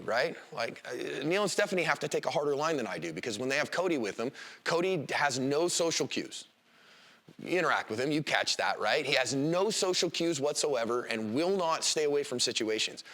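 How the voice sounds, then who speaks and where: A middle-aged man teaching a self-defense class in a joking, animated way, often acting out voices. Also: medium pitch. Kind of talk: live classroom lecture.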